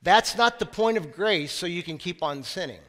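Male pastor, high voice, talky sermon delivery, church reverb. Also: lively intonation, moderate pace, bright, forceful tone. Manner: conversational preaching with asides. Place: church sanctuary.

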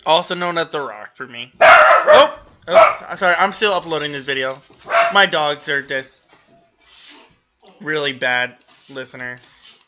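A man's voice: a little high, unhurried, long pauses, very noisy. A young man giving casual, exclamatory gameplay commentary, groaning at his losses and laughing at himself. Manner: self-deprecating, exclamatory, laughs often. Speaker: gamer commentator.

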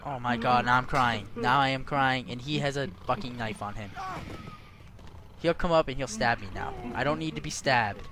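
A man giving profane let's-play commentary, swearing constantly and yelling at the game. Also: medium pitch, moderate pace, background noise. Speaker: gaming commentator.

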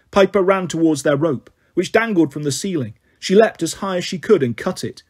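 A man reads a fantasy story aloud at a steady storytelling pace. His voice is husky and sits a little high. He carries the action along plainly. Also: brisk, hardly any pauses. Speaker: narrator. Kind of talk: audiobook reading.

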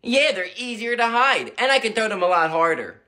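A performer voicing a scheming, tough grandmother in a comedy skit, with a sly, bossy, drawn-out way of talking. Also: mid-range voice, sing-song, bright, forceful tone.

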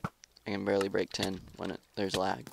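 A man giving live gameplay commentary as a gaming YouTuber, excitable, trash-talking opponents and grumbling about lag. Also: deep voice, moderate pace, vocal fry, background noise.

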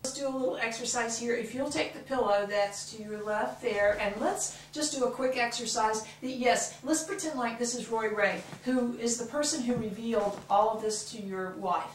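An actress playing a therapist, calmly coaxing her clients through an exercise. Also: fairly high pitch, moderate pace, few pauses, reverberant, distant mic, a little hiss or hum, lightly acted, low-quality recording. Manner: calm, coaxing.

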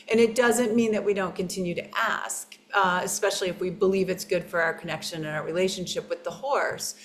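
Low-voiced woman speaking reflectively. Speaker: interview guest, equine therapist. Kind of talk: conversational interview.

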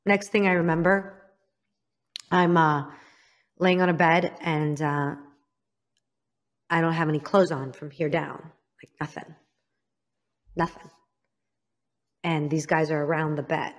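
A woman's voice: low-pitched, fairly even intonation, measured pace, long pauses. Woman telling a candid personal story. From Illinois, United States. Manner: frank, self-critical, acts out others' lines. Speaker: interview guest.

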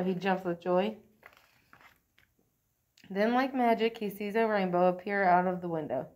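A woman reading a children's picture book aloud in a clear, expressive and unhurried way. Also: medium pitch. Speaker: storyteller.

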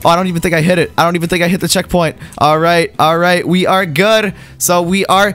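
Young male gaming commentator, high-pitched and excitable, light music bed. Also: brisk, hardly any pauses. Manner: excitable, yelps and laughs at mishaps. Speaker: gaming YouTuber. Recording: faint game music underneath.

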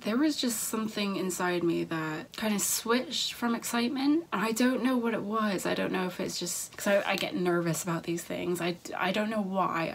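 Gravelly, husky young woman vlogger. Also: lowish voice, low-quality recording. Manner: halting, with frequent restarts. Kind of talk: personal storytelling to camera.

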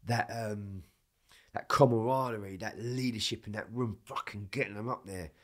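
A man with a low voice tells his stories with a lot of energy. He swears all the time and keeps the chat loose and casual. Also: normal speed. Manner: swears constantly, animated storytelling. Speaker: podcast guest.

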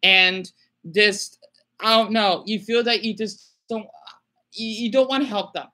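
A man on a small live stream, talking in a stressed, halting, apologetic way with many repeated words. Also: high voice, fairly even intonation, bright, forceful tone. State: stressed and distressed. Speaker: small YouTuber livestreaming. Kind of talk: emotional live stream talk.

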